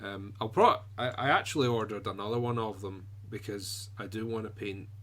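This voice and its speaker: An easygoing man chatting on a podcast, his voice sitting a little on the low side. He rambles along in a self-deprecating way. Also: normal speed, a bit bright, a little hiss or hum. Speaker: podcast co-host. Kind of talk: casual chat.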